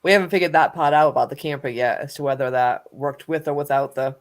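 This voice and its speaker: A man's voice: mid-range voice, fast talker. A man co-hosting a livestream, chatting casually, laughing often and reacting briefly. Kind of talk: casual chat.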